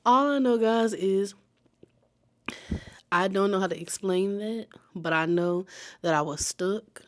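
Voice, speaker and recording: A woman chatting casually to her viewers as she tells a personal story, lively and laughing often. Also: medium pitch, slow pace. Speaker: vlogger telling a personal story.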